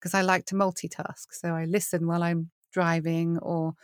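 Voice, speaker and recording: A fairly low-pitched, moderately paced voice belongs to a middle-aged woman from the UK, a worship leader being interviewed conversationally on a podcast. The recording is dry and studio quality, and she tells animated stories, laughing a lot and imitating the people she quotes.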